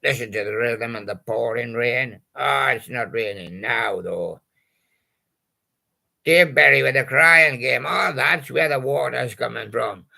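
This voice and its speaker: A male host with a very gravelly, heavily creaky voice that is also strikingly bright and forceful. He takes his time, drawling through jokey puns on old song titles. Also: mid-range voice, unhurried. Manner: punning, jokey, chuckles at his own gags. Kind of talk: playful patter about old song titles.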